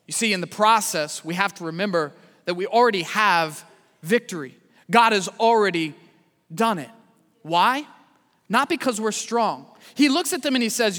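A man's voice: high-pitched, normal speed, big-room sound. A man preaching a sermon as pastor, telling stories and joking with the congregation. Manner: animated storytelling with asides to the congregation.

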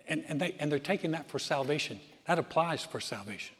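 A man's voice: fairly high pitch, lively intonation, fairly quick, a bit bright. A man preaching a sermon as pastor, earnest and conversational with emphatic bursts. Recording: long church-hall reverb.

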